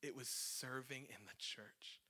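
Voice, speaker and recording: A man's voice: mid-range voice, measured pace, sharp tone, breathy edge. A man in his thirties, a worship leader, preaching a conversational, emotional sermon with self-deprecating asides.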